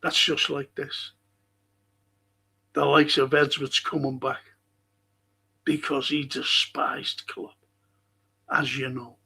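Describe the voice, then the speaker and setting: A man's voice: mid-range voice, flat delivery, slow, gravelly, pauses often, pushed and bright, husky. A man hosting a football fan stream, ranting angrily and swearing in a rambling monologue. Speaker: football fan show host.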